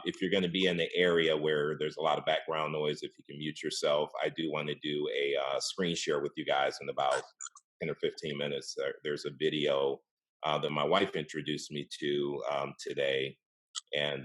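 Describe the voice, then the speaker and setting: Deep-voiced man hosting a group call. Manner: relaxed, encouraging, with filler words. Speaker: host of a weekly real estate group call. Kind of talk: casual coaching on a group video call. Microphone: video call.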